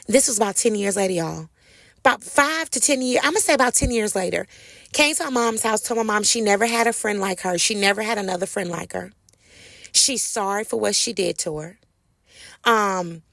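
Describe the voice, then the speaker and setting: A woman's voice: mid-range voice, gravelly, a bit bright, no room sound, clean studio sound. A middle-aged woman, telling a personal story casually to her viewers and calling them y'all. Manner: chatty, addresses listeners as y'all. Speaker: host.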